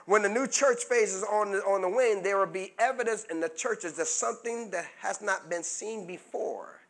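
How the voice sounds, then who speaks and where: High, bright-voiced preaching pastor. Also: male voice, moderate pace. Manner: call-and-response preaching, asks the congregation to answer; builds to shouting fervor. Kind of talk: sermon.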